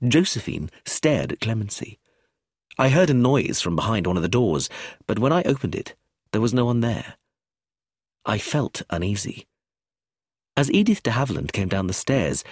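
A man narrates a novel aloud, his scripted storytelling expressive and measured. His voice is lowish with a breathy edge, and the studio recording is clean with no room sound.

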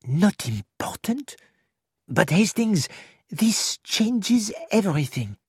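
A reader voicing an excitable, precise detective who asks probing, urgent questions. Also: mid-range voice, takes it slowly, husky, no room sound, studio quality, voice pushed up, heavily acted.

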